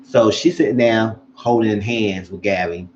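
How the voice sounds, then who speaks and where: A man casually recapping a TV episode, animated and acting out what the characters said. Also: on the low side, measured pace, lo-fi sound, slight background noise. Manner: animated, acts out characters' lines. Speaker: show recap vlogger.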